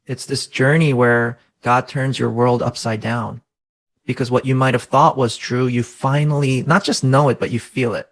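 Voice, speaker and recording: A man's voice: medium pitch, creaky, rough recording. A man in his thirties, a guest coach in a conversational interview, speaking in an earnest, reflective way and often checking in with "right?".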